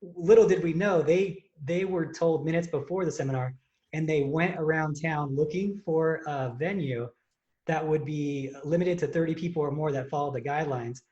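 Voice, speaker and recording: A man hosting a fitness podcast, telling a story in casual, excited chat full of fillers and restarts. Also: fairly high pitch, moderate pace, lo-fi sound. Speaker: podcast host and contest prep coach.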